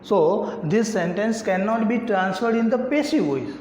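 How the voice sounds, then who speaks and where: Slow, high-voiced Indian English teacher. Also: male voice, animated, a little mellow, slight background noise. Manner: slow, repetitive questioning. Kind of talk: classroom grammar lesson. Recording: echoey room, slightly dull lo-fi sound.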